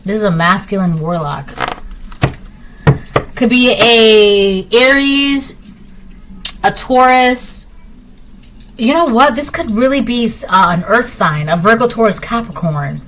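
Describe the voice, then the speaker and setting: A woman's voice: on the high side, lively intonation, takes it slowly, long pauses, a bit bright, a little hiss or hum, poor audio. Chatty woman giving a tarot reading. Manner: repetitive, emphatic, conversational with many fillers. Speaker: tarot reader. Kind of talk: casual spoken tarot reading.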